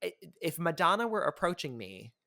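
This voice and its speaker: A man in casual podcast chat, agreeable and quick with short replies, recorded close in a studio. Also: a little high, very animated, creaky, bright, forceful tone, no room sound. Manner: agreeable, frequent backchannel replies.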